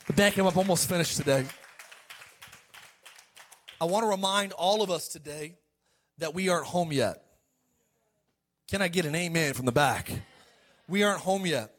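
A man preaching a sermon to a congregation, swinging between loud calls and quiet asides and asking for amens. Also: a little high.

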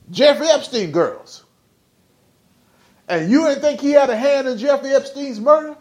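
A man's voice: extremely high pitch, normal speed. A man hosting a podcast, ranting bluntly in slangy, profane casual talk with heated rhetorical questions. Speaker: podcast host.

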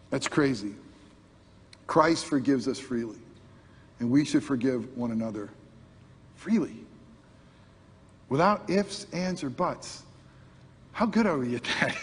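A man with a high, husky voice preaching a sermon. He is animated, slips into imagined voices, and drops from loud bursts to near-hushed lines. The sound carries a long hall reverb. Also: moderate pace. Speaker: pastor.

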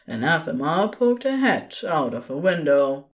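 A woman reads fan fiction aloud in a gentle, expressive way. Her voice sits a little low and moves through a wide, lively range. She takes her time over every line. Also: measured pace. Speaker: narrator. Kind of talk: podfic narration.

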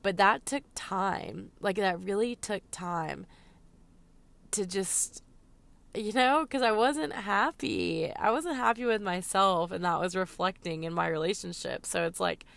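A woman's voice: mid-range voice, vocal fry, fairly bright tone. A young woman vlogging in a casual, emotional chat, talking to her viewers and filling her talk with "like" and "um". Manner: chatty, emotional, lots of "like" and "um". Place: Los Angeles.

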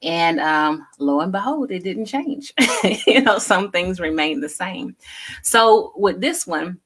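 A woman with a low voice co-hosts a relaxed talk show. She explains things earnestly, often adding "you know" as she goes. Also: slow, husky. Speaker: co-host. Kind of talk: casual talk show chat.

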